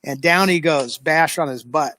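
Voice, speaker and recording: High-voiced animated man telling a story. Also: moderate pace, no room sound. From United States. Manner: animated storyteller, lively re-enactment. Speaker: show host. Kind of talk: casual anecdote telling.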